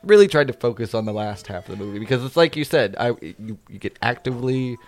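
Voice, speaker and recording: A man's voice: medium pitch, animated, fast, soft background music. A man co-hosting a podcast in a small home studio, chatting casually about movies with profane, sarcastic rants. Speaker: podcast co-host.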